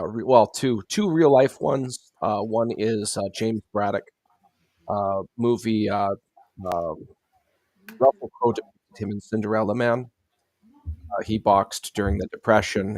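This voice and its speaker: A man with a fairly low voice talks as a guest in a casual interview. He speaks earnestly and reflectively, pausing often to find his words. His voice sounds close and dry, with almost no room around it. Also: a little mellow, dry recording. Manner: earnest, reflective storytelling with frequent hesitations. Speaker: guest, fantasy series creator.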